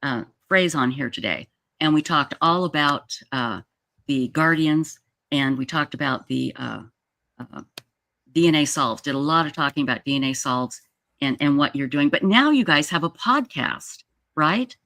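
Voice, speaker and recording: A woman hosting a livestream, telling a story in a casual, animated way with plenty of restarts, speaking over a video call. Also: low-pitched, moderate pace, creaky. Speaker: livestream host.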